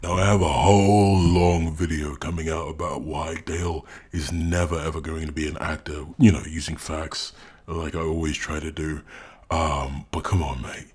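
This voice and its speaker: A man's voice: extremely low pitch, fairly even intonation, moderate pace, darkish tone, husky. An English man giving mocking, exasperated reaction commentary, often laughing. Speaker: commentary YouTuber.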